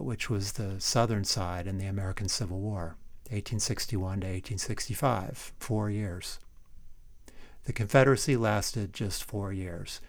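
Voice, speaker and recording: A man's voice: fairly low pitch, vocal fry, no room sound. A man hosting a podcast, giving a scripted history narration in a wry tone full of rhetorical questions. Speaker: podcast host.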